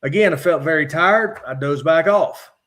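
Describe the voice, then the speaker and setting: A middle-aged man from Virginia, a podcast guest calmly recounting his own encounters from his notes with frequent "uh" fillers. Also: a little high. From West Virginia. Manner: measured, matter-of-fact retelling with frequent "uh" fillers. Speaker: podcast guest, former state trooper.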